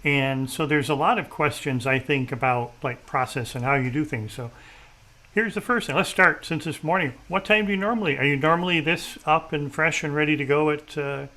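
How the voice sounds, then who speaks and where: A man's voice: a little high, normal speed, sharp tone, poor audio. A man hosting a casual interview, chatty and self-deprecating, with many fillers and restarts. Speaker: host. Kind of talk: casual video-call interview.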